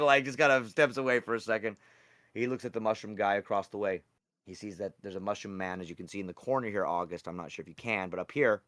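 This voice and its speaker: A man's voice: on the low side, fairly bright tone, no room sound, clean studio sound. A young man running a tabletop game as dungeon master, narrating in a loose, rambling way and swearing casually.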